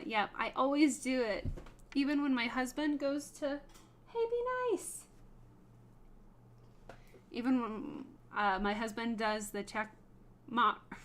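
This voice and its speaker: A woman with a slightly high voice hosts a relaxed craft livestream. She chats easily with her viewers while she works, greeting them by name and laughing often. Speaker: host of a wood burning livestream. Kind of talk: casual livestream chat while working.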